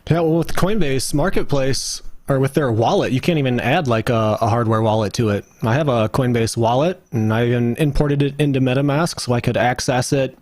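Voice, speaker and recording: A man's voice: medium pitch, darkish tone, no echo. A man co-hosting a casual roundtable chat, musing aloud with many fillers. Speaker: podcast co-host.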